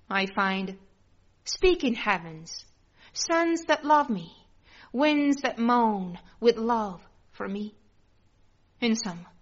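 Woman voicing a gentle divine man, slow and tender. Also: a little high. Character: tender loving divine man speaking to a soul. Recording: dull lo-fi recording.

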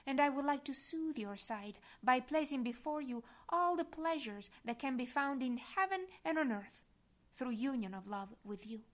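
A devotional reader, a woman with a slightly high voice, reads a prayer aloud. Her tone stays soft and reverent and sometimes drops to a breathy whisper.

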